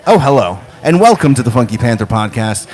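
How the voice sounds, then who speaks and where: A man's voice: mid-range voice, sing-song, brisk, a little mellow. Upbeat man hosting a podcast. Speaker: podcast host. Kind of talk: casual live podcast chat. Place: bar patio, outdoors.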